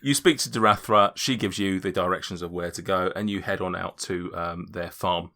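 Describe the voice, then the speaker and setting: A man's voice: low-pitched, steady tone, normal speed, pushed and bright. A man running a tabletop game as game master, narrating in a rambling, joking way with lots of hesitation.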